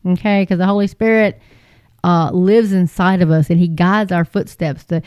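A woman's voice: on the low side, steady tone, normal speed, darkish tone, smooth, dry recording, highs cut off. A woman host giving impassioned religious commentary, pleading urgently and mocking others in exaggerated voices. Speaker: Christian video host.

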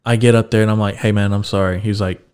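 A man's voice: lowish voice, little pitch movement, quick pace, darkish tone, smooth. A young man hosting a podcast, telling a story in a casual, laid-back way. He swears freely and laughs as he talks. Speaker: podcast host.

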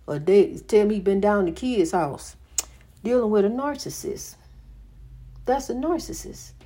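A woman's voice: on the high side, darkish tone. A woman giving casual relationship advice, repeating her points in a preachy, conversational way as she tells stories from her own life. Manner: repetitive, preachy, conversational storytelling.

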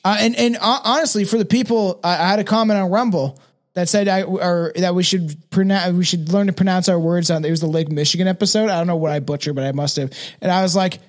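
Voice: medium pitch, fairly even intonation, quick pace. Profane, stumbling podcast co-host. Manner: loose and profane, stumbles over names and words. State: intoxicated. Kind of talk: casual podcast chat, reading articles aloud.

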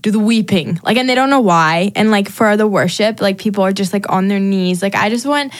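A woman's voice: mid-range voice, a little fast. A woman talking as a podcast guest in a bubbly, chatty way, full of fillers. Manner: bubbly and talkative, many likes. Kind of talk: casual chat.

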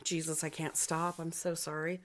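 A woman's voice: low-pitched, little pitch movement, moderate pace. A woman co-hosting a casual chat, swearing freely and rambling through a story. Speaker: podcast co-host.

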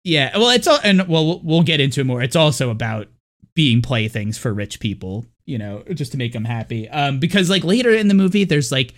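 A man's voice: mid-range voice, lively intonation, fairly quick. A man co-hosting a casual movie podcast, rambling with lots of fillers and now and then putting on mocking voices for the characters. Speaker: podcast co-host.

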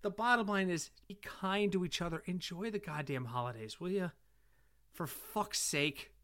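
A middle-aged man co-hosting a casual podcast, an animated storyteller who swears freely. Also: sits high, moderate pace. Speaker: podcast co-host.

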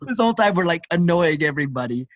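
A middle-aged man co-hosting a podcast, telling a story in an animated way with lots of fillers and restarts. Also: on the high side, fast, no echo, highs cut off. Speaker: podcast co-host. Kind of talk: casual podcast chat.

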